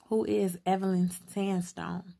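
A woman reading the part of a calm, intense young man who questions a girl in steady, even tones. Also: mid-range voice, slow, creaky. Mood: questioning.

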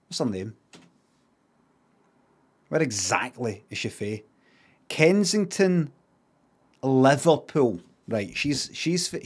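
A middle-aged Glaswegian man in casual live-stream chat, talking at an unhurried pace in a mid-range voice. He gets animated and emphatic, swearing freely as he repeats words to make a point. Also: medium pitch.

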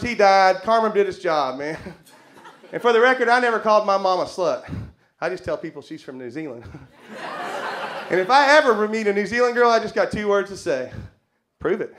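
A man's voice: sits high, a bit bright. A Texan man doing a stand-up set in a comedy club, drawling and laughing through his own jokes. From Texas. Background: audience laughter.

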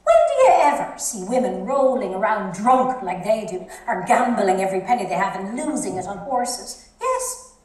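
An actress playing a frank, earthy middle-aged wife musing aloud in bed, wry and chatty. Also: female voice, normal speed, a little mellow, close to an everyday voice. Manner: chatty, wry, swinging pitch. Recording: very echoey hall.

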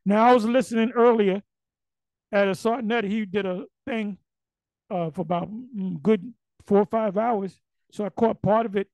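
A middle-aged man telling blunt, profane stories in a casual monologue, his voice going hoarse. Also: high voice, steady tone, normal speed, darkish tone, no echo, low-quality recording. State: losing his voice.

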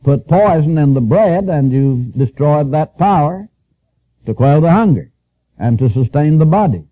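A man preaching a sermon, with slow, emphatic, repeated phrases, reading scripture aloud in an old-fashioned cadence. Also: fairly high pitch, animated, no room sound. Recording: tinny, lo-fi archival radio recording.

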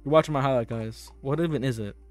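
A man's voice: mid-range voice, quick pace, soft background music. A young man giving casual gameplay commentary in a boastful, playful, hyped-up way, repeating himself for fun. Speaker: gaming YouTuber.

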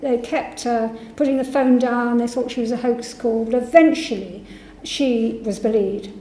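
A woman with a slightly high, dark voice gives a public university lecture in an echoey lecture hall. She reads testimonies aloud and voices the quoted speakers.

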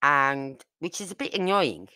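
A true crime host from Birmingham with a Brummie accent talks bluntly and indignantly to her viewers during a casual livestream. Her low voice is very animated, pushed and bright, clear and resonant, at a measured pace.

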